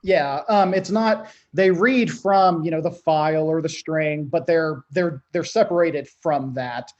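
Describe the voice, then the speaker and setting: Soft-spoken dev guy on a call, kinda high voice, trails off, muffled lo-fi audio. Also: a little slow. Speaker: software developer. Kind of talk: technical explanation in a meeting.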